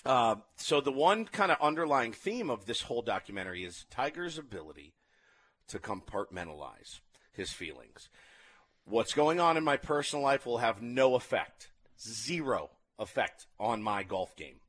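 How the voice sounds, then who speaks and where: Male co-host, animated storyteller with lively pitch. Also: moderate pace. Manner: animated storytelling, acts out quotes. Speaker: podcast co-host. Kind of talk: casual chat reviewing a documentary.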